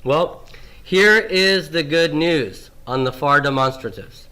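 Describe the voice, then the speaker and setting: Slow, bright-voiced man teaching grammar. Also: a little high, clean tone. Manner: asks questions and answers them himself, repeats key forms. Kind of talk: classroom lecture.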